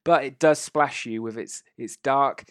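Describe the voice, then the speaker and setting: Unhurried and mid-range in voice, the man narrates gory tabletop-game action as game master, clearly enjoying it and filling his speech with fillers and laughs. The studio-quality recording has no room sound.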